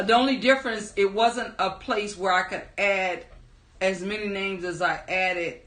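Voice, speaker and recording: Woman, livestream host, casual chatty greetings, bright tone, roomy echo. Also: medium pitch. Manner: greets chat viewers by name, upbeat and chatty. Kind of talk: casual live-stream chat.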